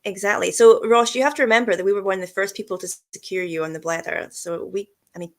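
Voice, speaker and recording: A woman hosts a relaxed live-stream chat. She talks freely, giggles often and teases her guests. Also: mid-range voice, quick pace. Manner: chatty and giggly, teasing. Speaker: host.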